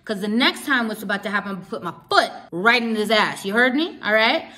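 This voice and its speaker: A young woman from Miami telling a story on her vlog, animated and emphatic, talking straight to her viewers. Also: mid-range voice, fast. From Miami, United States. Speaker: vlogger. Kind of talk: casual storytelling to camera.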